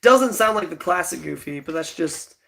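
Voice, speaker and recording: A man's voice: on the high side, lively intonation, moderate pace, gravelly, a bit bright. A young man in his twenties, chatting with viewers and rambling casually, with lots of fillers and frequent giggles. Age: 20s. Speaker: livestream host. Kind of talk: casual livestream chat.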